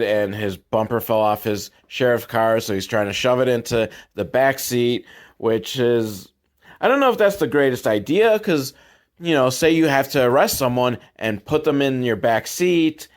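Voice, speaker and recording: On his podcast, a man runs through a film recap laced with weary sarcasm, sounding thoroughly sick of it as he wanders from complaint to complaint. His voice has an ordinary male pitch.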